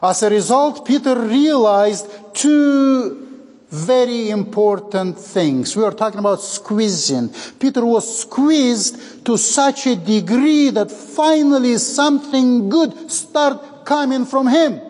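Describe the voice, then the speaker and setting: A man's voice: extremely high pitch, expressive, slow pace, a little mellow. A male preacher giving a sermon, speaking dramatically and acting out the dialogue he tells. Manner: dramatic, acts out quoted dialogue. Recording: long hall reverb.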